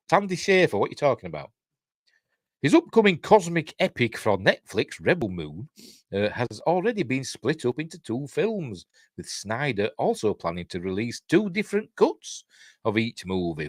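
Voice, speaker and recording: A man's voice: mid-range voice, sing-song, normal speed, no echo, studio quality. An older man with a Yorkshire accent hosting a live-stream news show, reading entertainment stories aloud with chatty, rambling asides and self-mocking jokes.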